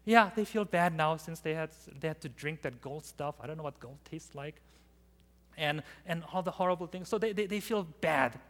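A man with a high, bright voice delivers a sermon, lively and dramatic as he acts out the passages he quotes. His words ring through a big hall with a long reverb trailing behind them. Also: normal speed. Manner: animated, acts out scripture quotes. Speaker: preacher.

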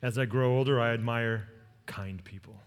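A man preaching a sermon as pastor, telling a personal story with earnest warmth and leading the congregation in repeated phrases. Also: mid-range voice, steady tone, normal speed. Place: church sanctuary. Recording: long reverb of a large hall.

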